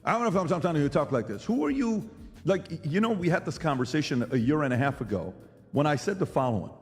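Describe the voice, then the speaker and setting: A man's voice: fairly high pitch, big pitch swings, fast, big-room sound, soft background music. A middle-aged man hosting a podcast who argues emphatically, firing rhetorical questions and mimicking other people's lines. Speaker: podcast host. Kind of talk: animated debate monologue.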